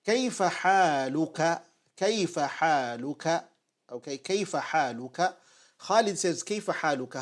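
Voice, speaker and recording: A man giving an online Arabic lesson at a whiteboard, patiently repeating phrases slowly for his learners. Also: fairly high pitch. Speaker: Arabic teacher.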